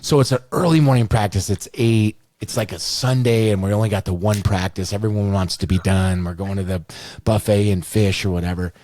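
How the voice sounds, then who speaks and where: A man's voice: lowish voice, fairly even intonation, brisk, darkish tone, no echo. A middle-aged man hosting a podcast, telling stories in a rambling way, full of restarts and "you know.". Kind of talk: storytelling in casual chat.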